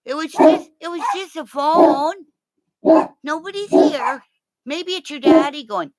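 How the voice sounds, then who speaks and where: A woman's voice: high-pitched, very animated, slow pace, long pauses. A woman in a rambling, profane casual chat, talking to her pets between asides. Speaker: vlogger.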